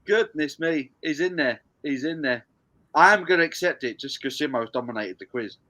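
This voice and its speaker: Animated man hosting a stream. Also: mid-range voice, a little fast, rough recording. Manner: jokey, animated, reads out viewer comments. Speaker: live stream host running a lyrics quiz. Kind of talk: casual live stream chat.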